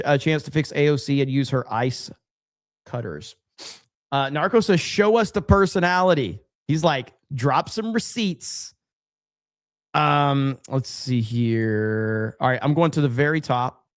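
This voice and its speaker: A man's voice: mid-range voice, measured pace, no room sound, studio quality. A man hosting a livestream, casually reading viewer comments aloud in a loose, profane, rambling way full of fillers. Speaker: livestream host.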